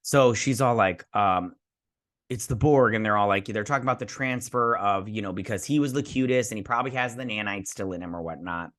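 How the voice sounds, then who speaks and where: A man in his thirties giving a casual, spoiler-filled review of a TV episode. He talks in an excitable, rambling way, full of "like" and quick restarts. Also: lowish voice. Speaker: TV show reviewer.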